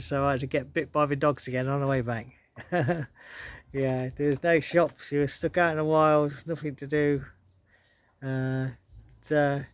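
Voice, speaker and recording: A man vlogging a casual story, chuckling often and rambling through restarts. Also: a little high.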